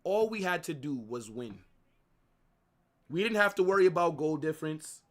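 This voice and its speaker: A man's voice: on the high side, sing-song, normal speed. A young man hosting a live football watch-along, ranting and swearing in frustration. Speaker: livestream host.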